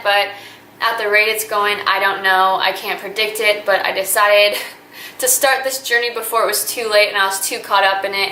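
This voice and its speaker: Brief: twenties woman vlogger, bright and earnest, echoey room with faint background hiss. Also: mid-range voice. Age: 20s. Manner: chatty and earnest, gushing with fillers. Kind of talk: casual talking-to-camera vlog.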